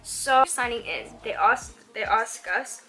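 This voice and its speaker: A woman's voice: fairly high pitch, slow, low-quality recording. A woman in her twenties, telling a story vlog-style while getting ready, with plenty of "like" as she chats. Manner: animated storyteller, heavy use of "like". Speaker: vlogger. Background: background music.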